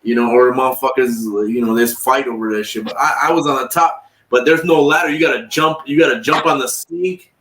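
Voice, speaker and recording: A man's voice: mid-range voice, steady tone, fairly quick, hardly any pauses, fairly bright tone, slight background noise. A man telling long, profane, rambling stories on a livestream and acting out what other people said. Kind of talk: casual storytelling. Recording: echoey room, far from the mic.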